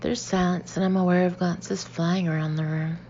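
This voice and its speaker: A woman narrates a first-person novel in an expressive way, often dropping into breathy asides. Her voice is low, mellow and gravelly. The recording is a little dull, with a faint hiss. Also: moderate pace. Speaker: audiobook reader.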